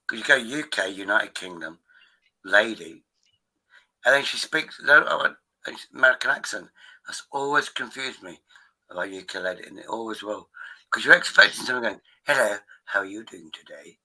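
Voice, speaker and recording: A man's voice: lowish voice, lively intonation, moderate pace, bright, forceful tone, rough recording. A man hosting a live stream, rambling in a casual, profane way. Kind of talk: casual chat.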